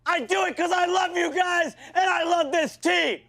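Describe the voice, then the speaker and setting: An actor playing a foul-mouthed, abusive male football coach who yells profane insults at his team in a comedy sketch. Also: very high-pitched, normal speed, gravelly, full character voice. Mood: ranting. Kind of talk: shouted sketch comedy acting.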